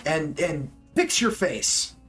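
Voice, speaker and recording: A woman's voice: sits low, big pitch swings, slow, fairly bright tone, faint music behind, heavily acted. A man putting on a vain, fussy drow liaison woman. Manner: prim, flustered, overly formal.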